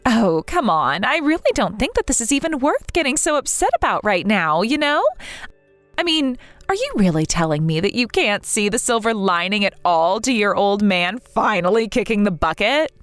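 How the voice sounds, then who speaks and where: A woman's voice: mid-range voice, animated, moderate pace, a bit bright, no echo, soft background music, lightly acted. A woman voicing a snobbish, cruel sister-in-law in a text-message story, speaking in a sneering, sing-song taunt.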